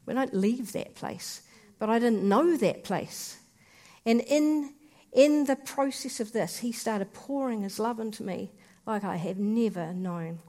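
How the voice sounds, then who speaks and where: A woman shares her faith testimony slowly and earnestly. She speaks in short, halting phrases with pauses between them. Her voice sits a little high. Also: mellow.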